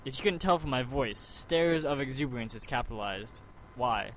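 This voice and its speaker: A man's voice: mid-range voice, expressive, moderate pace, a crowd in the background. A man hosting a podcast, chatting casually and rambling animatedly about a book. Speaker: podcast host. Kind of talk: casual chat.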